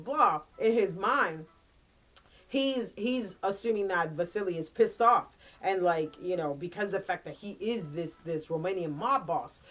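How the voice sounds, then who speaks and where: Low-voiced woman retelling a story casually. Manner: rambling plot retelling full of fillers and quick quoted asides. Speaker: book reviewer. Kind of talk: casual book review chat.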